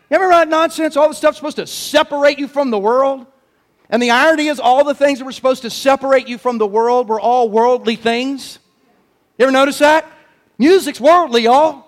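A pastor preaching a sermon to his congregation, asking rhetorical questions and sometimes shouting for emphasis. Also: extremely high pitch, brisk.

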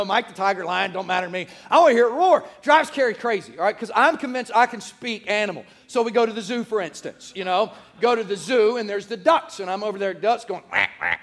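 A middle-aged man preaching a sermon with a strikingly high voice for a man. He tells stories with jokes and energy. At times his voice swells to a shout. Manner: animated, joking storyteller who shouts at moments. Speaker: pastor.

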